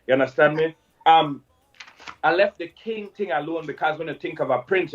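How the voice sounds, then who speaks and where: An excitable man, talking effusively as a guest in a radio interview and repeating himself. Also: a little high, muffled recording. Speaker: guest musician.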